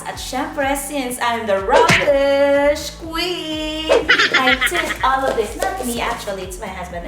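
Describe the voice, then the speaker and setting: A woman giving a playful, giggly home tour, switching between English and Tagalog. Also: high-pitched. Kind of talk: casual chat mixing English and Tagalog. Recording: echoey room, mic far off, loud music.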